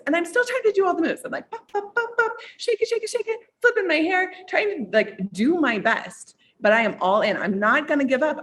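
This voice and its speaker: A woman business coach telling a personal story to a group, animated and full of "like", with big jumps up in pitch.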